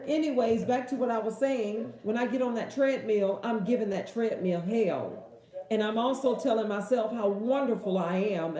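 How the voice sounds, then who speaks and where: A woman hosting a casual question-and-answer talk, with an emphatic, preachy, folksy way of speaking. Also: mid-range voice. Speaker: host. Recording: echoey room.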